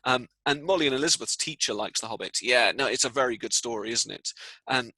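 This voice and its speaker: A man telling a story to children in a live lesson, playful and animated, dropping to a hush for the tense parts. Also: medium pitch, vocal fry, husky, no room sound, low-quality recording. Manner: playful, animated storyteller who drops to hushed tones. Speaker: teacher reading out children's comments.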